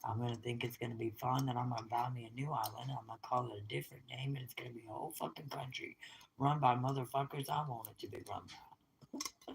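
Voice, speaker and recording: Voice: mid-range voice, fairly even intonation, fast talker, creaky, slight background noise, low-quality recording. A middle-aged vlogger delivering a blunt, scornful rant to the camera, swearing heavily throughout. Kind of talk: angry profane rant to camera.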